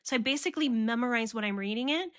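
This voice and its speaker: A woman's voice: a little high, fast, fairly bright tone. A woman in her forties talking frankly and chattily straight to her viewers in a personal vlog. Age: 40s. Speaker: vlogger. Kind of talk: candid personal vlog talk.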